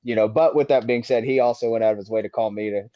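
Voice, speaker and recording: A man's voice: medium pitch, fairly even intonation, fast talker. A man telling a podcast host a long story with plenty of swearing, and he acts out the heated quotes in his story. His voice sits in the middle, and it comes through dull and lo-fi. The room is dry, with no echo. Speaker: race car driver guest.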